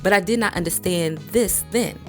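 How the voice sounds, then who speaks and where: A woman with a notably low voice reads a memoir aloud at a measured, even pace. Her delivery is a calm audiobook narration. Faint music sits quietly beneath her. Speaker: book reader.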